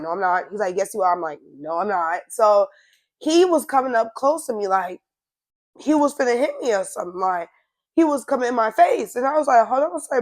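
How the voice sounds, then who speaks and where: A young woman with a hoarse, worn-out voice tells a casual storytime straight to her viewers, in an animated, slangy way. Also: fairly high pitch. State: hoarse, voice nearly gone. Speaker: storytime vlogger.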